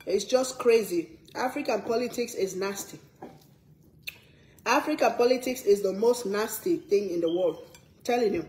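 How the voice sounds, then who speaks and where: A woman's voice: medium pitch, normal speed, long pauses, mellow, reverberant. A woman from Sierra Leone with a Sierra Leonean accent, talking to her viewers in a casual vlog, earnest and emphatic, repeating her words for stress. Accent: Sierra Leonean English. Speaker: cooking vlogger.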